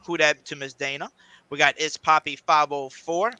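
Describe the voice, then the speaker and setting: Man, host of a live podcast, joking and loose, crisp voice, high-ish pitch. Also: steady tone, normal speed, bright, forceful tone, no room sound.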